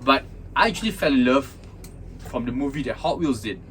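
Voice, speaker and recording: A young man co-hosting a casual podcast, telling his story in a relaxed way with frequent ums. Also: medium pitch, brisk. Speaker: podcast co-host. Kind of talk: casual chat.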